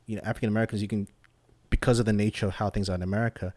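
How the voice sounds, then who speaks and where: A young man co-hosts a podcast, walking through what happened in a relaxed, conversational way. His voice sits on the lower side. The sound is close and dry, with no room around it. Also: racing, dry recording. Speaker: podcast co-host. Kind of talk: casual review chat.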